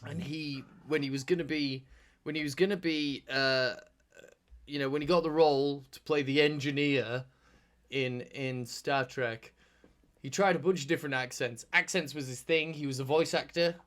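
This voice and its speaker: A man's voice: fairly high pitch, fairly even intonation, normal speed, fairly bright tone. A man co-hosting a podcast, chatting casually, rambling with restarts and casual swearing. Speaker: podcast co-host. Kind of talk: casual chat.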